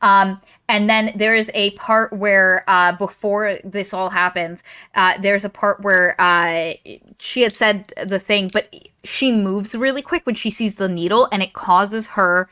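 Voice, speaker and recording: Bright-voiced eager woman. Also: medium pitch, steady tone, a little slow, clear, resonant tone. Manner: eager, jumps in with added story details. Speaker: book club podcast co-host. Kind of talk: casual book discussion.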